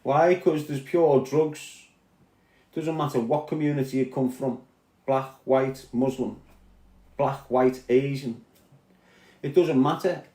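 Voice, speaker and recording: A man's voice: medium pitch, fairly even intonation, slow pace, long pauses, mellow, echoey room. A man with a Scouse accent, ranting aggressively and swearing as he answers commenters on a live stream. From Liverpool.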